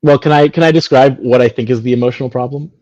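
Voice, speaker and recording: A man's voice: medium pitch, steady tone, quick pace, a little mellow, highs cut off. A man who founded a product, talking earnestly and reflectively in a casual conversation and wandering through his thoughts. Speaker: founder being interviewed.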